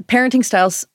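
A woman hosting a casual interview, lively and quick to chime in and finish her guest's sentences. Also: fairly high pitch, dry recording, studio quality. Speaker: interviewer host.

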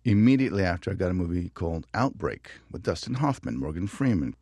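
Deep-voiced, animated male actor. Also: fast talker, husky, no room sound, clean studio sound. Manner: animated, laughing, acts out voices in anecdotes. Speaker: actor and interview guest. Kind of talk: casual storytelling.

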